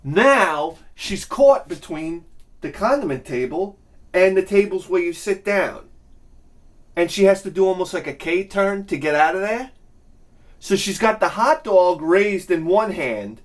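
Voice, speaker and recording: A man hosting his own video, telling a profane, comedic ranting story that swings from low mutters to shouting. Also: animated, measured pace. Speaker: video host.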